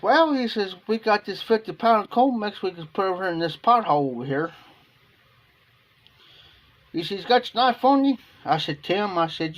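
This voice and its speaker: A man with an Ohio accent spins a long, rambling workday story in a folksy, unpolished way. His voice sits a little higher than most men's. He slips into quoted back-and-forth as he goes. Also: a bit bright. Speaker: live streamer. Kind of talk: casual storytelling. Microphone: phone or webcam on a live stream.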